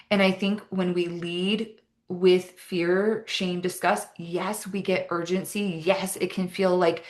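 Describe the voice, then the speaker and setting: A young woman coaching in a casual motivational talk, earnest and upbeat, with many "like" and "right?" asides. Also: lowish voice. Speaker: fitness and mindset coach.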